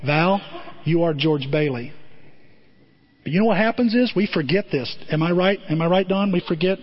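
A man giving a lively motivational talk to a group, calling on listeners by name. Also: sits high, fast talker, dull audio. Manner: animated, addresses listeners by name.

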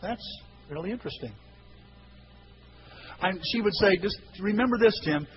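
A male pastor preaching a sermon, telling stories with lively acted-out voices and sudden shouts. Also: high voice, normal speed, soft background music. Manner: animated storytelling, acting out voices with shouts. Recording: dull lo-fi recording with hiss.

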